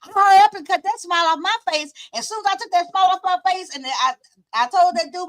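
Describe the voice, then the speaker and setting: Woman host, very high voice, animated and teasing storytelling chat. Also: fast talker, rough recording. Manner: animated, teasing, quotes people in lowered voice. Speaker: channel host.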